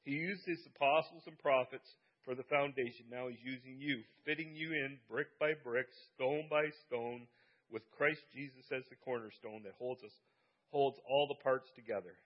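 A man's voice: mid-range voice, moderate pace, lo-fi sound. A man preaching a Sunday sermon as pastor, speaking earnestly and repeating key phrases for emphasis. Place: church service.

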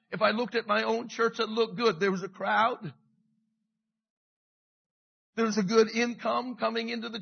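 A middle-aged man preaching a sermon with passion, dropping to a hush and rising again, repeating his phrases. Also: high voice, gravelly, breathy edge, dull audio. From Canada. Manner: passionate, swings from hushed to loud, repeats phrases. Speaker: pastor.

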